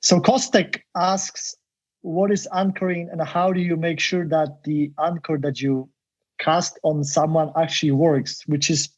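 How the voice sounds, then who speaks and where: A man's voice: fairly high pitch, little pitch movement, a little slow. A man hosting a podcast, reading out a listener's question and asking the guest to explain more. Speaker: podcast host. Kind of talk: interview questions. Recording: dull lo-fi audio.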